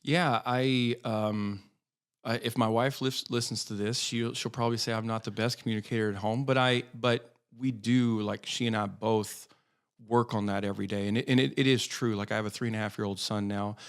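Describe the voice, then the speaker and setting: A man's voice: lowish voice, steady tone, normal speed, smooth. A man in his thirties, a business development head talking energetically as a podcast guest. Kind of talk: podcast interview.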